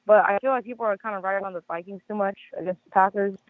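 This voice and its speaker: A man calling in to a sports chat show, a bit hoarse, rambling through his picks with lots of stammered restarts. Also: high-pitched, steady tone, fast talker, dry recording. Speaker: caller. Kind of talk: casual sports call-in chat. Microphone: phone. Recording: tinny phone line.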